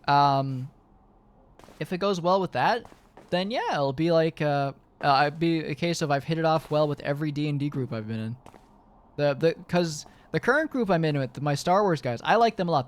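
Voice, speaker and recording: A man's voice: a little high, expressive, moderate pace. A young man streaming, chatting casually to his viewers in a rambling way, full of fillers and swearing.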